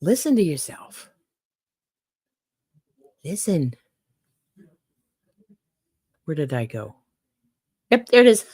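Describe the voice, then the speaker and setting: Older woman, livestream host, casual chat, folksy, lower pitch, dry mic. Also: very animated, slow pace, darkish tone, slightly rough, no room sound. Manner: folksy, chatty, talks to her chat.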